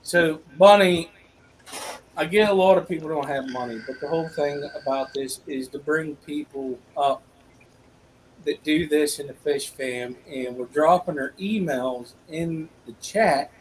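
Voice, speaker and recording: A man's voice: fairly high pitch, measured pace, slight background noise, low-quality recording. A man hosting a casual live-stream fish auction, upbeat and loose, talking straight to his viewers. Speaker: auction host.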